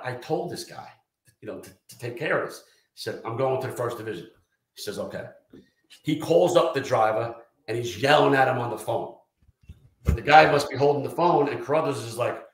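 A man tells his stories in a loose, profane way, acting out what each person said. His voice sits at a middling pitch. The room gives it a noticeable echo. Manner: profane, animated anecdotes with quoted dialogue. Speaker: retired fire lieutenant guest. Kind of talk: casual storytelling interview. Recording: roomy echo.

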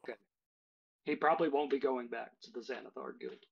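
A man running a tabletop game, talking casually and relaxed with frequent fillers. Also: medium pitch, fairly quick, creaky, husky. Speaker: game master. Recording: dull lo-fi recording.

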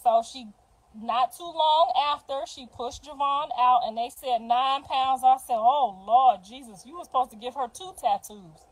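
High-voiced middle-aged woman telling stories. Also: moderate pace, rough recording. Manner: animated, dramatic storytelling with gasps. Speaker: mother on a livestream. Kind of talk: casual storytelling.

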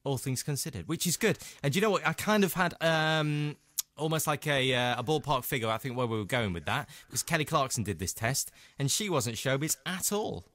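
A man hosts a radio interview, teasing and quick with his questions. His pitch moves freely over a wide range. He is heard close and dry in the studio. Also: lively intonation, a bit bright, no room sound. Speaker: radio host.

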